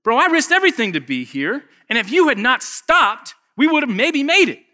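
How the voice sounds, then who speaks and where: A man's voice: extremely high pitch, big pitch swings, normal speed, sharp tone, pitched above the performer's own voice, exaggerated voice. A man voicing a desperate, impatient father in a sermon retelling, pleading in a raised, slangy way. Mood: exasperated pleading. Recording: echoey long hall reverb.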